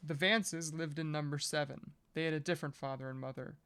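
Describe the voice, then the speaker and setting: A podcast reader reading a novel aloud at a measured pace, breaking off now and then for casual joking asides. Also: medium pitch, steady tone, fairly bright tone, smooth.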